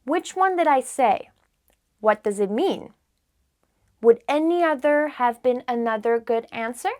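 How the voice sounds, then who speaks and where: A woman teaches a beginner class at an unhurried pace, saying each phrase and then translating it. Her voice sits a little high, and her manner is patient and clear. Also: expressive, a little mellow. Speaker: language teacher. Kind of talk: slow, clear teaching with repetition.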